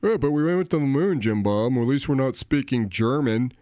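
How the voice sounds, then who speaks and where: A man's voice: mid-range voice, normal speed, mellow, no echo, clean studio sound, close to an everyday voice. A man putting on the voice of a smug, boastful older man, speaking in a mocking tone. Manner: mocking put-on voice.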